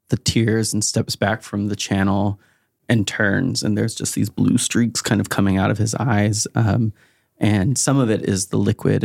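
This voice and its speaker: A man's voice: lowish voice, vocal fry, a little mellow, dry recording, clean studio sound. A man narrating as game master of a tabletop game, chatty and loose with lots of fillers.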